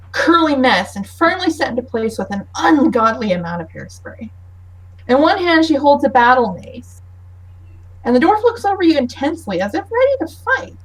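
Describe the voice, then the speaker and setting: A woman narrating as game master in a tabletop game over voice chat, lively, with frequent fillers and laughs. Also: sits high, low-quality recording.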